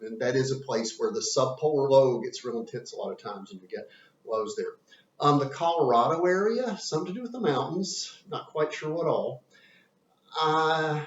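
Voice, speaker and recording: A man teaching a meteorology class in a rambling, chatty way, stopping to draw on the board. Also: medium pitch. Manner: rambling, chatty, with fillers while drawing on a board. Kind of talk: informal classroom lecture. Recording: roomy, distant, dull audio with faint hiss.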